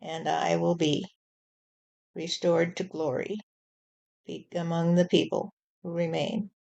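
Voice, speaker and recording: A woman channeling God as a stern male deity warning humanity, speaking in a slow, measured way and often repeating "you see". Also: lowish voice, flat delivery, vocal fry, a little mellow, lo-fi sound. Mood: scolding. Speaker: spirit channeler. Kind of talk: channeled spirit message.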